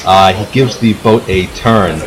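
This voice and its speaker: A man's voice: deep voice, measured pace, rough recording. A man narrating a tabletop game as game master, rambling with many fillers and restarts. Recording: chatter of a crowd behind.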